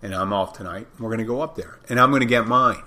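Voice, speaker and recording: A man's voice: on the low side, fast, pushed and bright. A middle-aged man hosting a podcast alone, chatting in a rambling way and often correcting himself. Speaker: podcast host, bartender. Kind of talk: casual solo podcast talk. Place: home in the Florida Keys.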